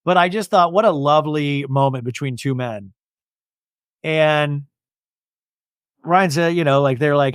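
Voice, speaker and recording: This young man's voice is on the high side and clean in tone, and he speaks at a measured pace with long pauses. Hosting a podcast, he jokingly recaps a TV episode and animatedly acts out quotes, in a studio-quality recording with no echo.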